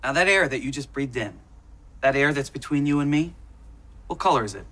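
A man acting as a patient, gently persuasive middle-aged teacher in a sitcom classroom scene, lecturing his students. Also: medium pitch, animated, fairly quick. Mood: earnest.

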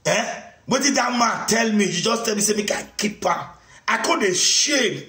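Nigerian male preacher, taunting rant with shouted outbursts, high animated pitch. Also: moderate pace. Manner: taunting, mocking, bursts of shouting. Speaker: online preacher. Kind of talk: mocking rant to camera. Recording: echoey room.

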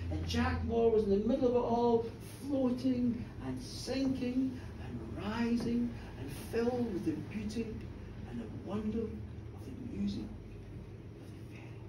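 Live male folk storyteller, expressive and theatrical, mic some distance away in a reverberant pub. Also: very high-pitched, a little hiss or hum. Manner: dramatic and animated, with sound effects and screams. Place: pub stage with an audience. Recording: roomy live bar from far off.

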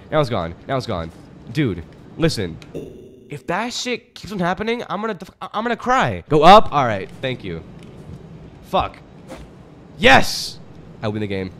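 A young man giving loose, excitable commentary while playing a video game, swearing often and talking to his chat. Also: mid-range voice, a little hiss or hum. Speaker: gaming streamer. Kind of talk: casual let's-play commentary. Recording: game music playing behind. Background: game music.

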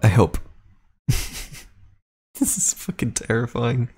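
A man's voice: medium pitch, big pitch swings, takes it slowly, darkish tone, slightly rough, faint music behind. A man streaming a horror game, chatting casually and reacting aloud as he plays, swearing now and then. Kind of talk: casual gameplay commentary.

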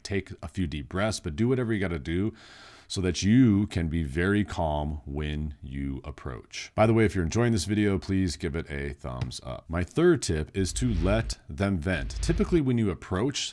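A man's voice: low voice, darkish tone. A man who works as a nurse in behavioral health, explaining in a casual, plain-spoken way. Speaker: psychiatric nurse. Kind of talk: instructional video talk.

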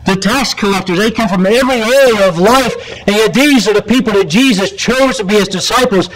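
A man's voice: high voice, fairly quick, fairly bright tone, poor audio. A man preaching a sermon as pastor in a church, telling stories earnestly and often repeating or restarting his words. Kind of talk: sermon with storytelling. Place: church sanctuary.

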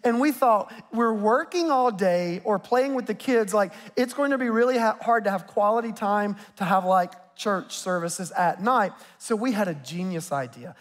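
A man preaching a sermon as pastor, talking conversationally and dropping to soft near-whispers for emphasis. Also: high-pitched, normal speed, few pauses. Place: church sanctuary. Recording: long hall reverb from a church sanctuary.

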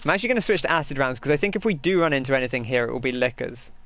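A man's voice: mid-range voice, lively intonation, racing, fairly bright tone. A young man giving casual, rambling commentary while he plays a game and answers viewers' chat. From England. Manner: chatty, rambling, reads chat aloud. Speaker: gaming streamer.

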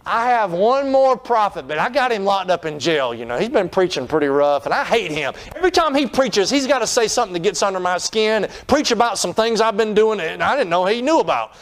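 A man's voice: high-pitched, expressive, brisk, hardly any pauses, pitched above the performer's own voice. A man voicing a resentful, complaining king who hates a hard-preaching prophet. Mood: whiny. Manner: complaining, petulant.

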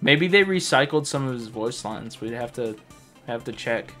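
A man's voice: medium pitch, animated, normal speed, bright, forceful tone, soft background music. A man co-hosting a crude comedy gaming show, rambling through profane tall tales. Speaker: co-host.

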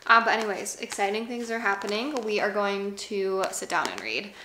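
A woman's voice: mid-range voice, moderate pace, bright, forceful tone. A young woman in her twenties chatting candidly in a home vlog, sore from a workout, swearing casually. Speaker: vlogger. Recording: echoey room with clear background noise.

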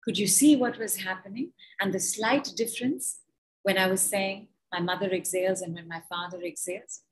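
A woman, a healer guiding a breathing exercise and then giving a talk in a slow, deliberate, soothing way. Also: mid-range voice, steady tone, poor audio. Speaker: healer and guest speaker. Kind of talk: guided healing session and talk.

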